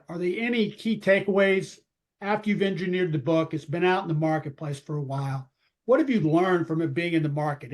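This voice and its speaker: A man in an online audience asking a polite, measured question. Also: sits high. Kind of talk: polite question on video call.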